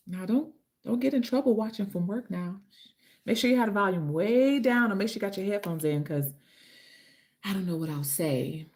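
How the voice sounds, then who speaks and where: She speaks a little high at a measured pace, her tone on the darker side. A livestream host and author, she chats casually from her home, where a kitchen and ring light are visible, affectionately greeting viewers by name and calling them honey.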